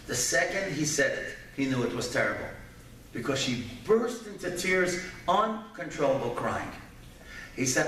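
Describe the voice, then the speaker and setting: A man, a rabbi and keynote speaker, giving a lecture with personal stories, animated, then dropping to hushed tones for sad parts. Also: medium pitch, moderate pace. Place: large event hall. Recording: echoey hall from far off, faint noise.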